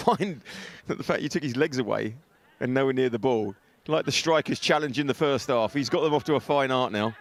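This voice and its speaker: Man, live football commentary, jokey and self-mocking, middle-pitched voice, headset mic at an outdoor ground. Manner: jokey, chatty, laughs often, self-mocking. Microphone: headset with earpiece.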